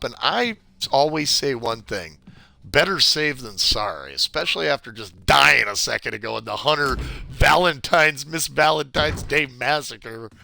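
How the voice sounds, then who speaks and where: A talkative man streams a game walkthrough, his gravelly voice bouncing up and down in pitch. He rambles to his viewers in a bright, forward tone with light music behind him. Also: slight background noise. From California, USA. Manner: chatty, rambling, greets viewers. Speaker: gameplay streamer. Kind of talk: casual live walkthrough commentary.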